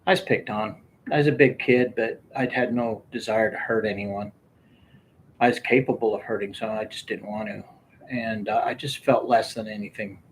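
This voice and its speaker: A man's voice: lowish voice, fairly even intonation, moderate pace, slight background noise. An older man telling rambling casual stories from his youth, often breaking into laughter. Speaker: storyteller. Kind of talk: casual storytelling.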